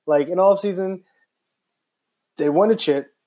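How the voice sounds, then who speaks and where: A man's voice: high voice, measured pace. A young man ranting casually and with frustration, rambling and filling his talk with "like" and restarts. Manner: animated, rambling, heavy use of "like". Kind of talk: casual basketball rant.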